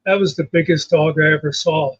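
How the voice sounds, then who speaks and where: A man's voice: fairly high pitch, steady tone, brisk, slightly rough, dry recording, muffled recording. A man co-hosting a casual talk show, sharing easygoing anecdotes. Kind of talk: casual chat.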